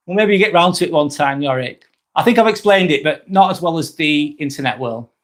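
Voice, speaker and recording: A man in casual live-stream chat, with a voice sitting a little higher than most men's. He talks frankly and swears freely, drifting through half-finished thoughts and restarts. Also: expressive, fairly quick, fairly bright tone. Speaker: live vlog host reading chat.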